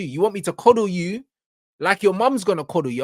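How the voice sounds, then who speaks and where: A London-accented man holds forth on a reaction show with a high, insistent voice. He talks in heavy street slang, pressing his points hard and pausing to ask whether you're following. The sound is dry and close, with no room around it. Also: sing-song, no room sound. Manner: emphatic, street slang, keeps asking "you get me". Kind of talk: ranting reaction commentary.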